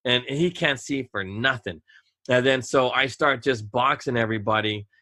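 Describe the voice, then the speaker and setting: Male podcast host, bright and forward tone, loose animated storytelling. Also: mid-range voice, moderate pace. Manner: rambling, animated, acts out voices in quotes. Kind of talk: casual storytelling.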